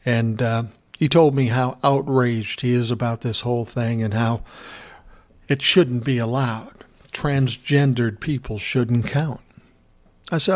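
A man talks straight to his listeners in a loose, ranting monologue. His delivery is sarcastic and peppered with swearing. His voice sits at an ordinary middle pitch for a man. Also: steady tone, slow pace. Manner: profane, sarcastic storytelling. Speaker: commentary host.

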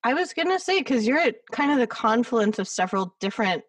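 A woman's voice: on the high side, very animated, a little fast, no echo, far from the mic. A woman chatting casually and animatedly, giggling often and using many fillers. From United States. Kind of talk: casual conversation.

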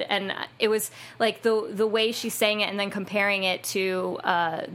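Bright-voiced chatty American woman. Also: mid-range voice, steady tone, normal speed, hardly any pauses. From United States. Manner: chatty, enthusiastic, many fillers and restarts. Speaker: podcast co-host. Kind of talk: casual chat.

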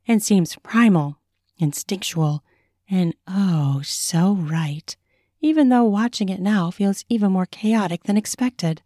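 A woman author narrating an excerpt of her erotic fiction in a measured, sensual reading. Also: mid-range voice, warm tone, no echo, clean studio sound. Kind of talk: audiobook reading.

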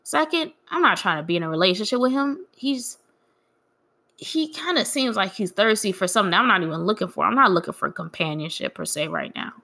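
A young woman with a bright, clear tone speaks frankly in a casual personal vlog. She is grieving, and her account comes across as candid and quietly aggrieved. Her pitch sits in an ordinary middle range for a woman. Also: animated, brisk.

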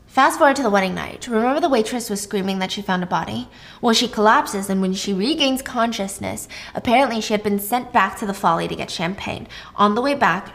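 A woman casually retelling a thriller's plot, animated and chatty, with frequent asides and the odd swear word. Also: mid-range voice, vocal fry. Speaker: storyteller host. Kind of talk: casual storytime recap of a thriller.

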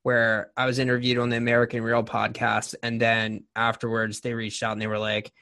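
A man's voice: mid-range voice, completely flat delivery, brisk, creaky, sharp tone. A man in his forties hosting a podcast interview, telling personal stories candidly with many restarts. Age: 40s. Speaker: podcast host. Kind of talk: casual interview chat.

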